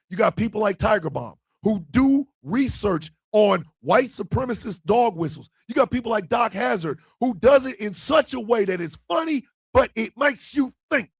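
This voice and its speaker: A man's voice: high-pitched, gravelly, slightly rough, no room sound, studio quality. A man hosting an internet radio livestream, delivering a fiery, emphatic monologue. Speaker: internet radio co-owner and host.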